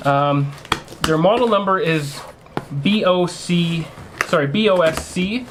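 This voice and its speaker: A man's voice: high-pitched, takes it slowly, noisy background. A man hosting a casual home theater vlog, chatting to viewers as "guys" and teasing what comes next, recorded on a camera mic in his home theater room. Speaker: home theater channel host.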